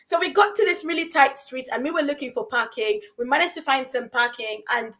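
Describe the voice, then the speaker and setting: A woman co-hosting a conversation, telling a story in an animated way and asking rhetorical questions. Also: high-pitched, fairly quick. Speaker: co-host.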